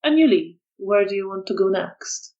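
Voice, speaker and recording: A woman narrating a tabletop vampire game as storyteller, soft-spoken and hesitant with fillers. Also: medium pitch, animated, moderate pace, gravelly, muffled recording.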